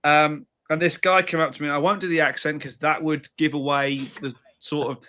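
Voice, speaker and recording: Male co-host, slightly high and bright, blunt storyteller in casual chat. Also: little pitch movement, a little fast.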